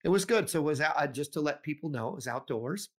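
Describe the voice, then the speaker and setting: A man's voice: on the high side, expressive, fast talker. A middle-aged man co-hosting a podcast in casual chat, rambling with many fillers and restarts. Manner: rambling, many ums and restarts, laughs often. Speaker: podcast co-host.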